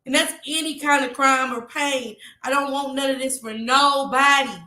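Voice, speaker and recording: A woman talks straight to her viewers, impassioned and close to tears, pausing to read out their comments. Her voice sits high and bright. The room around her is echoey. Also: steady tone. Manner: impassioned, preachy, reads out chat comments. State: tearful. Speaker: YouTube vlogger. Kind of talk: emotional livestream talk to viewers.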